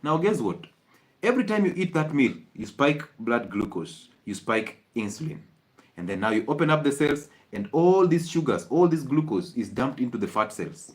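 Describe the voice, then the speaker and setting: A man's voice: fairly high pitch, big pitch swings, normal speed, darkish tone. A man with a Kenyan accent, a doctor giving an emphatic, rhetorical health talk that repeats its points for effect.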